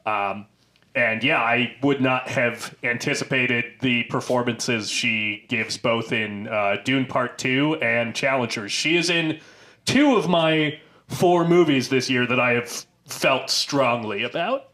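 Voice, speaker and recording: A man with a bright, forward voice chats casually as a podcast co-host. He rambles through his points with frequent fillers and restarts, at a middling pitch. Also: takes it slowly. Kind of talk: casual chat.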